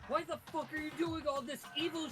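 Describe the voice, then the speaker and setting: A man voicing a hot-headed young male gang leader in a fan game reading, yelling and swearing. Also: extremely high pitch, steady tone, a little fast, loud music behind the voice. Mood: furious. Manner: yelling, foul-mouthed.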